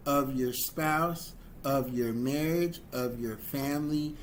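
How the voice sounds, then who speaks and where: A man giving a livestreamed motivational talk on relationships, slow and deliberate, repeating key phrases for emphasis and asking rhetorical questions. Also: a little high, slight background noise. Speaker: relationship speaker.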